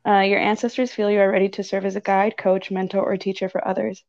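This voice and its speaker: Woman doing a card reading, calm and steady, kinda muffled lo-fi audio, mid pitch. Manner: calm and measured, with easy laughs. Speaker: oracle card reader. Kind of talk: reading a card aloud, then casual chat. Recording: dull lo-fi sound.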